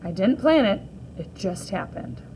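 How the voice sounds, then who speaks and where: A woman teacher reading a graphic novel aloud to children, gently reading out the captions and sound effects too. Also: medium pitch, very animated, unhurried, a little hiss or hum, poor audio.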